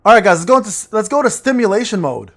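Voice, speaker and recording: High and sing-song, his rapid-fire delivery has a fairly bright tone. While gaming live, the man reads chat aloud and rambles casually, tossing out crude jokes between plays.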